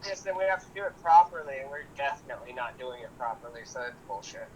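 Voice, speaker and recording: Give me a blunt, skeptical woman co-host with a low voice and a faint hiss behind her. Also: animated, fast talker, a little mellow, rough recording. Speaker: podcast co-host. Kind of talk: casual chat.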